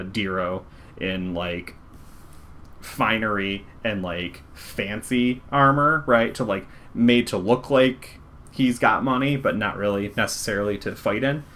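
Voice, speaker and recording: A man running a tabletop game as game master. His talk is casual and full of fillers as he describes the scene. His voice is low but bright. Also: a little hiss or hum. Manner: casual, filler-heavy, conversational.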